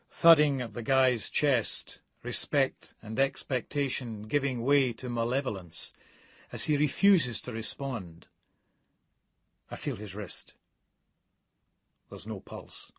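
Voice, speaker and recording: A man's voice: medium pitch, a little slow, slightly rough, no room sound. Sardonic Scottish man narrating a novel. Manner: sardonic, gritty storytelling with shouted outbursts. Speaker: audiobook narrator. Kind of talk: first-person novel narration.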